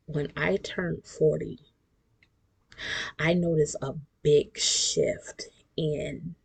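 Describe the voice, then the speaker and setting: A woman talks through her own podcast in an unhurried, drawn-out way. Her voice sits low and has a gravelly fry to it, along with a husky edge. She is chatty and emphatic, and she drops into whispered asides. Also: darkish tone. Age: 40s. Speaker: podcast host. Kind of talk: casual podcast monologue.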